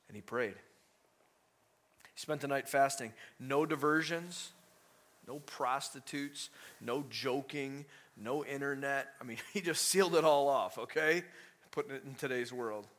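Bright-voiced animated male preacher. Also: mid-range voice, moderate pace. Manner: animated, conversational, rhetorical questions. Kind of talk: sermon.

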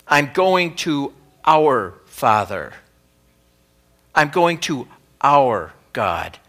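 A male pastor preaching a sermon in an earnest, emphatic way, dropping soft and low on key words. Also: sing-song, very slow.

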